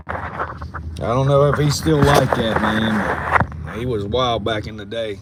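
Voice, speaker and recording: A man's voice: lowish voice, slow pace. Man, livestream storyteller, cussing, rambling, drawling, faint background noise. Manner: profane, rambling, drawling with frequent laughs. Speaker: livestream host.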